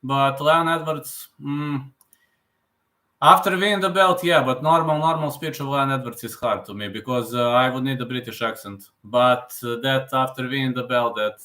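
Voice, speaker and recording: A man's voice: mid-range voice, moderate pace, pushed and bright, reverberant. A man hosting a live stream question-and-answer, speaking hesitantly with many fillers and non-native phrasing. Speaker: host.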